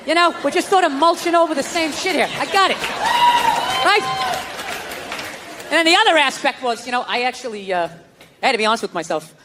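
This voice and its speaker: A man's voice: very high-pitched, rapid-fire, crowd noise, noisy background. A man doing a profane, exasperated stand-up comedy rant on a theater stage. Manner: ranting, profane, exasperated storytelling. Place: theater stage before a live audience. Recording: long hall reverb, faint ambience.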